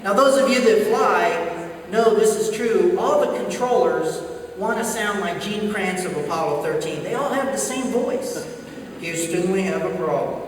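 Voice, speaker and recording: A man's voice: sits high, a little slow, a little hiss or hum. Man telling stories in an echoey hall. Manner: animated anecdotal delivery, acts out radio voices. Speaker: keynote speaker. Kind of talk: humorous storytelling speech. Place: large conference hall. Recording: echoey hall, speaker far from mic.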